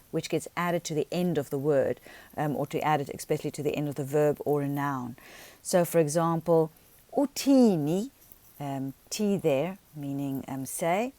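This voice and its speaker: A woman teaching a beginners' language grammar lesson, explaining patiently and saying the example words slowly. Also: low-pitched, mellow, dry recording. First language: not Xhosa.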